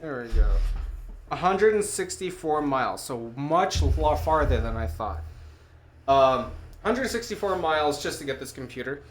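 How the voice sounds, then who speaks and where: A man's voice: on the high side, animated, normal speed. A man co-hosting a casual podcast, telling a long rambling story with plenty of fillers and casual swearing. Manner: rambling storyteller, loose and profane. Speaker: podcast co-host. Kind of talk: casual chat.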